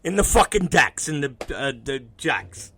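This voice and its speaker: A man's voice: fairly high pitch, big pitch swings, a little slow, fairly bright tone, husky. A man hosting his own show, talking casually and swearing often while acting out both sides of conversations he has had. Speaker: podcast host. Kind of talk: casual profane monologue.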